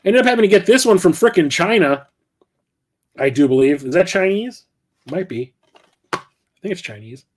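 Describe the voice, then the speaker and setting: Middle-aged man, slightly high voice, casual vlog host who rambles, swears and corrects himself mid-thought. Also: animated, normal speed, pauses often. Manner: rambling, profane, self-correcting. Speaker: game collector and channel host.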